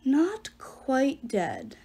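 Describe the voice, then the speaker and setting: A woman voicing a menacing giant male ghost who speaks through the mouths of others, slow, cold and gloating. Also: sits high, huge pitch swings, warm tone, slightly rough, full character voice.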